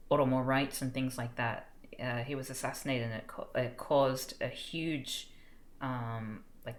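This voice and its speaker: A woman's voice: very deep voice, reverberant, slight background noise. A young woman chatting casually on a study stream, thinking aloud with lots of fillers. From Australia. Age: young adult.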